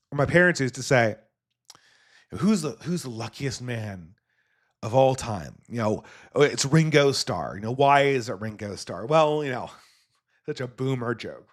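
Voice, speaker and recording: A man's voice: medium pitch, a bit bright. A man hosting a solo commentary podcast, talking casually in a rambling, digressive way and swearing now and then. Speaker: podcast host.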